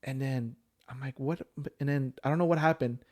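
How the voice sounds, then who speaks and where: A man's voice: mid-range voice, steady tone, brisk, darkish tone. A man, telling a personal story in casual chat, full of fillers and restarts. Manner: rambling storyteller with many fillers. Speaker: podcast guest sharing his story.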